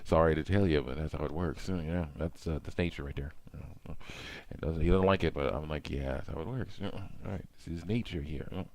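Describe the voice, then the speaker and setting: A man with a very low, gravelly voice rambles on in a loose, casual monologue while busy with some hands-on task. He fills his talk with soft hums and "you know"s, and he acts out what he would say in little quotes. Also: brisk, few pauses, no room sound.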